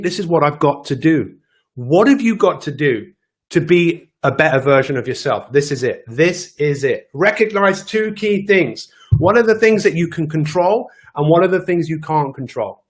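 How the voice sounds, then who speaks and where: A man's voice: high voice, a bit bright. A man giving an emphatic motivational daily talk as a coach, repeating his key phrases.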